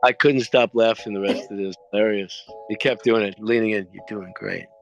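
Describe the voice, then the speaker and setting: A middle-aged man with a lowish voice talks briskly as an interviewed actor, tossing off casual anecdotes and acting out the lines he quotes. The audio is dry and somewhat dull.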